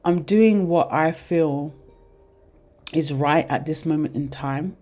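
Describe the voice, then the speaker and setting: In their thirties, this tarot reader gives viewers a casual, heartfelt reading, talking straight to them and often rambling off topic. Their voice is soft and mellow, never bright, with a middle pitch and a slightly slow pace.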